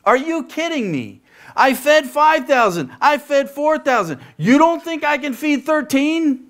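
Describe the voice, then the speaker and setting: A man's voice: extremely high pitch, big pitch swings, measured pace, a bit bright, pitched above the performer's own voice, heavily acted. A man preaching, voicing an exasperated adult male divine teacher who scolds with incredulous rhetorical questions.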